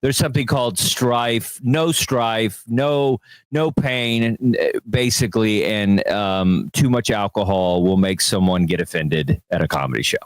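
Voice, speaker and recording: A man's voice: fairly low pitch, measured pace, few pauses, no room sound, rough recording. A man co-hosting a comedy podcast, teasing his partner in a laid-back way. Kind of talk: casual comedy podcast chat.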